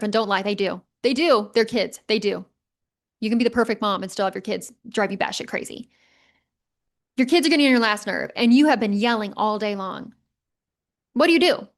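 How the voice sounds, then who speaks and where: Woman podcast host in her thirties, slightly high voice, casual and emphatic with some swearing. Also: a bit bright. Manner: emphatic, conversational, mild swearing. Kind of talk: casual motivational podcast monologue.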